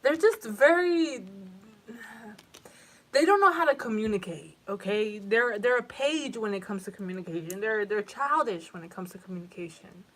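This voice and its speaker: A woman's voice: mid-range voice, expressive, moderate pace, a bit bright. A young woman giving a casual tarot reading to camera, rambling and emotional, with frequent swearing and fillers. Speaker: tarot reader.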